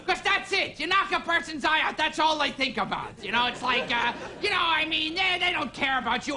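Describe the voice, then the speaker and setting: A young male comedian shrieking his way through a talk-show monologue, his voice high and wildly swooping. The old broadcast tape is noisy, and a loud studio audience is heard behind him. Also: expressive, a little fast, hardly any pauses, crowd noise. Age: young adult. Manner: shrill, shouting, squinting delivery. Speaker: comedian guest.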